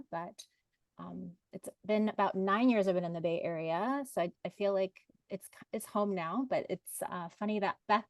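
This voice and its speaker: A woman's voice: medium pitch, no room sound. A woman in her forties, a literacy coach, introducing herself on a panel in a chatty way with many fillers and self-corrections.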